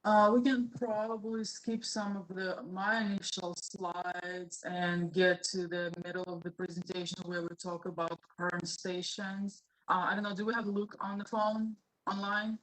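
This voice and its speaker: A woman's voice: mid-range voice, flat delivery, moderate pace, fairly bright tone, rough recording. A woman introducing a transit project presentation at a board meeting, hesitant and full of fillers.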